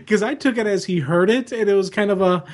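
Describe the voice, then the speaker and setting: A man's voice: sits high, moderate pace. A man co-hosting a podcast in casual chat, rambling with frequent restarts. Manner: rambling, many restarts and fillers. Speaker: podcast co-host.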